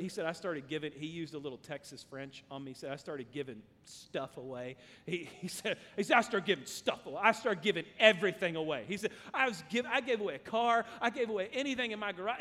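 A male pastor preaching and telling a story, his voice swinging from loud, high exclamations to quiet, low passages. His pitch sits high for a man. A long hall reverb trails after every phrase. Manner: animated storyteller, voice rising and dropping with the tale. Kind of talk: sermon with storytelling.

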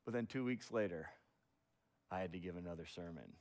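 Animated storytelling male pastor. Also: sits low, fairly quick. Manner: animated storytelling with self-deprecating asides. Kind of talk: sermon.

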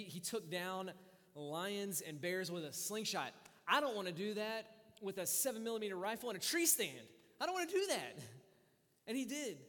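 A man preaching a sermon as pastor, telling stories with big swings from hushed, quiet passages to loud, excited ones. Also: high voice, in a large hall.

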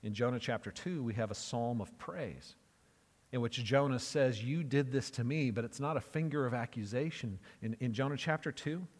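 A man's voice: medium pitch, moderate pace, in a large hall. A man preaching a sermon as pastor, emphatic and conversational, repeating phrases for effect.

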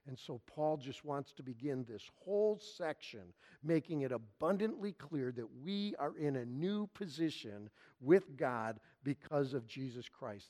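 Emphatic preaching man, slightly high voice. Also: lively intonation, darkish tone. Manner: emphatic preaching, repeating key phrases with slow stress. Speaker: pastor. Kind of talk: sermon.

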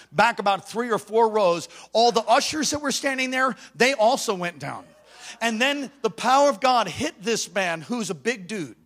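Male pastor, high and bright, animated revival preacher with hushed asides and shouted peaks. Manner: swings from hushed storytelling to shouted exhortation. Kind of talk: revival sermon storytelling. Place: church sanctuary.

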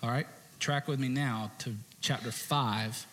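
A man preaching a sermon as pastor, conversational with jokey asides and sudden shouted bursts. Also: medium pitch, fairly even intonation, a little slow, long reverb tail, a little hiss or hum. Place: church stage.

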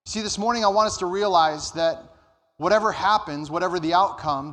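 A man preaching a sermon as pastor, earnest, rising and slowing down to stress his points. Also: a bit bright. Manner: earnest, rises in pitch and slows down for emphasis. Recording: church hall reverb.

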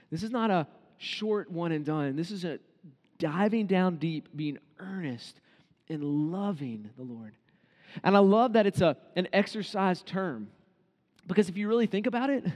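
Male pastor, high voice, conversational sermon in a church with long reverb. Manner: conversational preaching, acts out quoted inner voices.

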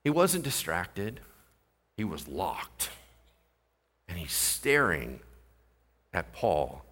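A man preaching a sermon as pastor, animated and jokey, acting out the people in the story. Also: sits low, drawn-out words, slightly rough.

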